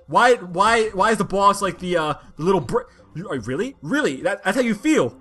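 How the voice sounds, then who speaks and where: A woman giving casual commentary over a platformer, talking to herself in frustration and bursting into loud complaints. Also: mid-range voice, big pitch swings, normal speed, hardly any pauses, slightly rough, soft background music. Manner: exasperated, frustrated self-talk that bursts into loud outbursts. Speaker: let's play gamer.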